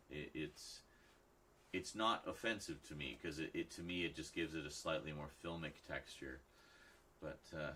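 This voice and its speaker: At home at night, a man hosts a late-night livestream, chatting casually with viewers and rambling with lots of restarts. His very deep voice has a sharp tone, with slight background noise behind it.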